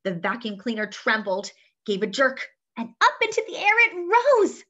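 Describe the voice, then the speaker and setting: A woman reading a children's picture book aloud, lively, often turning to ask her young listeners questions. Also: fairly high pitch, normal speed. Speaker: children's story reader. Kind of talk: read-aloud storytelling for children. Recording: dull lo-fi sound.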